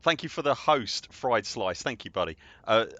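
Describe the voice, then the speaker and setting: A man's voice: mid-range voice, animated, normal speed, bright, forceful tone, no room sound, lo-fi sound. A man, chatting and joking in a rambling way as a game streamer at home. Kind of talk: casual livestream chat.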